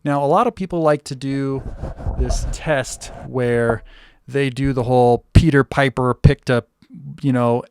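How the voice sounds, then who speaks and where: A man's voice: medium pitch, smooth, dry recording, clean studio sound. Casual man reviewing a microphone. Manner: relaxed, conversational, explaining step by step. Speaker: tech reviewer.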